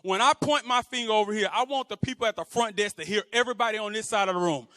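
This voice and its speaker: A man's voice: high-pitched, fast, a bit bright, clean studio sound. A man from Houston giving a motivational stage speech, rallying the crowd and leading call-and-response chants in a large event room. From Houston, Texas. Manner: fired-up, rallying the crowd, repeats phrases. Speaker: motivational speaker. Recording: long hall reverb with a crowd.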